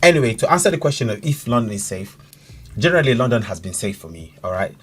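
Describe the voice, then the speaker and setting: A man's voice: mid-range voice, fast, slightly rough. A young man from Nigeria, giving casual, opinionated commentary to his viewers as a reaction vlogger. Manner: animated, direct, addresses viewers as guys.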